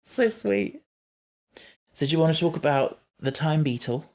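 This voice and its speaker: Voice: mid-range voice, fairly quick. Chatty podcast host. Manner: chatty, animated, quotes scenes. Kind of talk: casual chat reviewing an episode.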